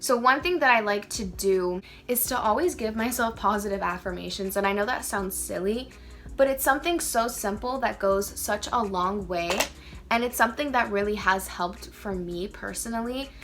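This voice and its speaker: Chatty, bright young woman vlogger. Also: medium pitch, normal speed. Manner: chatty and animated, rants playfully with emphatic emphasis. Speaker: beauty vlogger. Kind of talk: casual chat while doing makeup.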